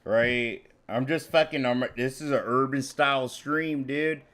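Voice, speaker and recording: A man's voice: medium pitch, fairly even intonation, unhurried, fairly bright tone. A man from the United States commentating on a live stream, ranting at chat in a profane, rambling, confrontational way. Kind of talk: heated live-stream rant.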